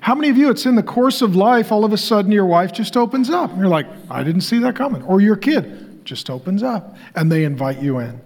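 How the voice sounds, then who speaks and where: A man's voice: high-pitched, expressive, brisk, darkish tone. A middle-aged man preaching a sermon as pastor, conversational, with joking asides to the crowd.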